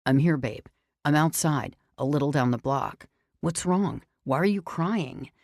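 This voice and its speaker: A woman's voice: sits low, animated, measured pace, a little mellow, no room sound, studio quality, exaggerated voice. A woman voicing a drunk, devoted and hot-tempered young ex-boyfriend who slurs and pleads in an audiobook. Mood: worried. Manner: slurring, pleading, then explosive. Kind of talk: audiobook character voice.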